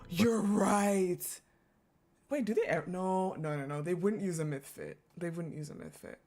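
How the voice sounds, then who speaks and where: A chatty woman gaming streamer reads a story aloud and reacts as she goes, cutting herself off to laugh and curse. Her voice is medium in pitch and a little mellow.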